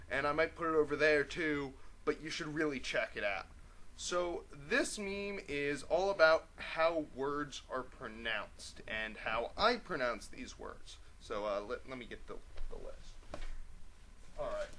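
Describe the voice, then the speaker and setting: A man's voice: a little high, a bit bright. A young man vlogging casually to camera, chatty and rambling with many fillers. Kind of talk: casual vlog talk to camera.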